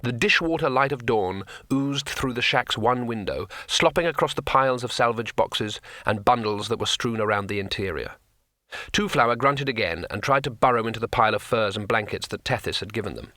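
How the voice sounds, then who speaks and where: A man narrating an audiobook in a steady storytelling manner. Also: medium pitch, fairly quick, dry recording. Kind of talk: scripted narration.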